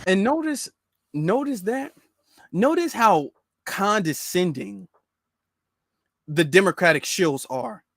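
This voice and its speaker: Emphatic high-voiced man giving commentary. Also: expressive, slow pace, pauses often, fairly bright tone, no room sound, studio quality. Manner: emphatic, repeats his points, talks straight to viewers. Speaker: commentary channel host. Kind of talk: political commentary, reacting to clips and posts.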